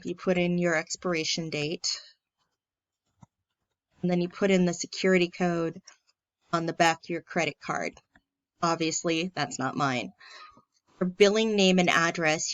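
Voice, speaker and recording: A friendly woman explains a computer task step by step, her voice a little low and the sound muffled. It is dry and close, with no room around her voice, recorded through a computer mic. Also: fairly even intonation, a little slow, no room sound. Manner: friendly, plain step-by-step walkthrough with filler ums. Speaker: church staff member. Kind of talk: casual screen-recorded tutorial.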